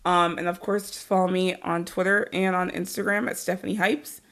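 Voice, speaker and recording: A woman from Arizona, a guest on a podcast, chatting casually and telling stories in an animated way, laughing often and swearing freely. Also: lowish voice, brisk. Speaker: podcast guest, wrestling interviewer.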